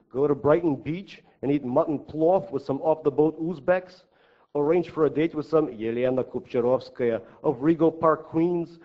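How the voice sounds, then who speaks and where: A male author reading his own fiction aloud at a writers' festival, with a wry, ironic delivery. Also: mid-range voice. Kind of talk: live reading of literary prose. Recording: dull lo-fi live recording.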